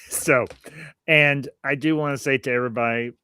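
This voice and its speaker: A male podcast host talks in a bright, sharp and smooth voice, recorded dry and close. He chats casually and rambles, often restarting and repeating his phrases. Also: mid-range voice, steady tone, moderate pace, no echo. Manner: friendly sign-off, thanking viewers.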